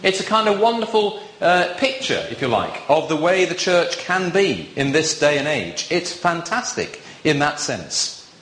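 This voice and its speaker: Lively, chatty preacher in a church. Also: male voice, fairly high pitch, unhurried, a little hiss or hum. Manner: chatty, playful, teasing the congregation. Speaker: visiting preacher. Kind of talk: sermon with audience banter. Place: church with box pews. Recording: echoey church room.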